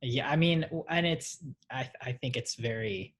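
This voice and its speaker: A man's voice: medium pitch, normal speed, a bit bright, slightly rough. A man hosting a podcast interview who mostly laughs along and gives brief replies. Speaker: podcast host.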